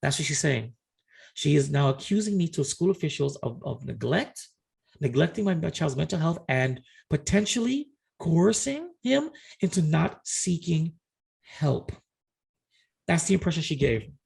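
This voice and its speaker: Middle-aged male co-host, gravelly and a bit high-pitched, casual storyteller who acts out every exchange. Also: normal speed. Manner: animated, re-enacts conversations, frequent restarts. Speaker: podcast co-host.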